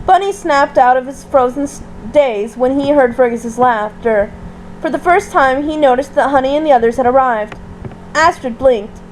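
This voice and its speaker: A woman reading fan fiction aloud in a steady way, with occasional slips and restarts. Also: sits high, normal speed, a little hiss or hum, low-quality recording. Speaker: audiobook reader.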